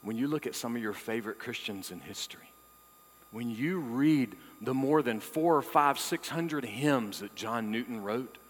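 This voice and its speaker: A man preaching a sermon as pastor, swinging between loud, emphatic declarations and hushed, intimate passages. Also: medium pitch, expressive, normal speed. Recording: long hall reverb.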